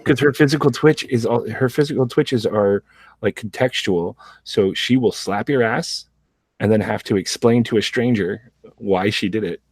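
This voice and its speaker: A man with a lowish voice hosts a loose podcast chat. He rambles, restarts his sentences and laughs between thoughts. His sound is dry and close. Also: moderate pace, slightly rough, no echo. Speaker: show host.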